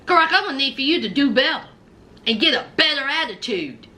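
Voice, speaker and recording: Talking a little fast, a woman with a high-pitched, very animated, sharp-toned voice recaps a reality show in casual conversation. She's slangy and sassy, speaking directly to those on screen and to her audience, whom she addresses as y'all.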